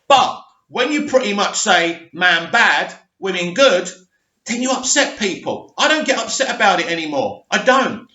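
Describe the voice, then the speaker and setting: A man's voice: sits high, pushed and bright. A man hosting an opinionated movie news vlog, ranting emphatically with frequent restarts. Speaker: movie commentary host. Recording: echoey room, dull lo-fi sound.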